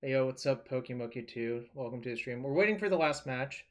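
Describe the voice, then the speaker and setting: A man's voice: mid-range voice, animated, quick pace. A man streaming a card game, talking loosely and casually, thinking aloud and swearing now and then. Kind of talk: casual live-stream commentary.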